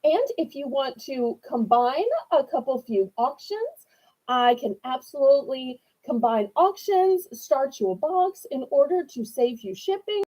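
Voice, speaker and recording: A woman's voice: sits high, lively intonation, a little slow, dark tone, low-quality recording. A woman, chatting sweetly and eagerly as she hosts a live online auction. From New Orleans, Louisiana. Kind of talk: live-stream sales chat.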